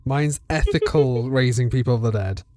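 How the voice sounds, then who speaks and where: A man's voice: mid-range voice, moderate pace, mellow, no echo, clean studio sound. A man chatting and joking playfully as a player in a tabletop game. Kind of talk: casual chat at the game table.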